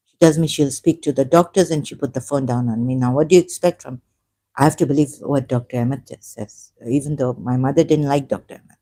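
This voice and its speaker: A woman in her fifties telling her personal story, emotional and halting, rambling with restarts and self-corrections. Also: very deep voice, dark tone. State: emotional, close to tears.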